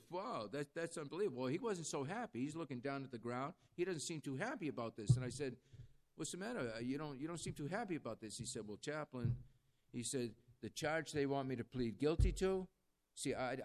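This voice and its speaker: A man tells a story from his work as a jail chaplain, preaching as he goes. He talks with energy and acts out the voices of the people in the story, and his voice sits at an ordinary middle pitch. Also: normal speed. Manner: animated storyteller quoting others in lively voices. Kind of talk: sermon storytelling.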